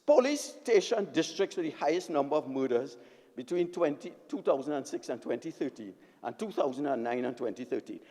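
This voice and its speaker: A man's voice: on the high side, expressive, fairly quick, warm tone. A man with a Trinidadian accent giving an impassioned, emphatic parliamentary debate speech, repeatedly addressing the Speaker from a desk microphone. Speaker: member of parliament. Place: parliament chamber. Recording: long reverb of a debating chamber.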